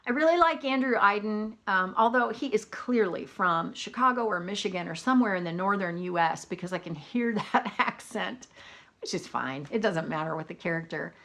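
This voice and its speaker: Lady gushing about audiobooks, chatty, laughs a lot, mid pitch. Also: animated, normal speed, vocal fry, fairly bright tone. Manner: chatty and exclamatory, laughs often. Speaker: book vlogger. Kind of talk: casual chat.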